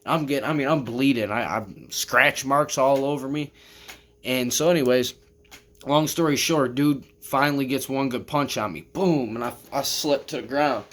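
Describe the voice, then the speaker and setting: A man's voice: medium pitch, moderate pace, fairly bright tone. A man telling a long personal story to his camera in a casual, rambling way, swearing often and filling gaps with "I mean" and "you know what I'm saying". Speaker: vlogger. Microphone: camera, talking to viewers.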